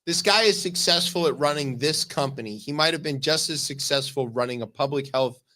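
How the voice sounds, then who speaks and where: A man's voice: a little high, brisk, sharp tone. A man hosting a comedic news talk show, tossing in dry quips during casual chat. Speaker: host.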